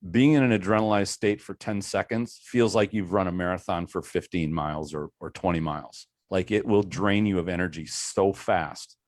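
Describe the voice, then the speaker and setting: A man with a very deep voice offers coaching advice on a discussion panel. He talks in a steady, measured way and keeps reminding listeners that this is just his view. The sound is close and dry. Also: no echo. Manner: measured, hedges advice as his own opinion.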